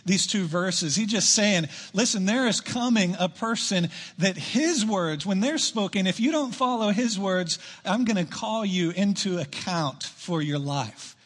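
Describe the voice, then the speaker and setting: A man preaching a sermon to his church, emphatic, rushing through asides and slowing down to stress key lines. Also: high-pitched, lively intonation, fairly bright tone. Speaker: pastor. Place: church sanctuary.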